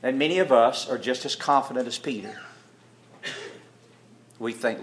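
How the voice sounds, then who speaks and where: A man's voice: mid-range voice, normal speed, long pauses, a little hiss or hum. A man preaching a sermon, telling the story with feeling and acting out the characters' lines.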